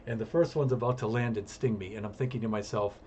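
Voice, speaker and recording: A man's voice: on the low side, fairly even intonation, fast, darkish tone, highs cut off, slight background noise. A man streaming a game, telling a long personal story in a rambling, repetitive way with chuckles. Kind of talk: casual storytelling while gaming.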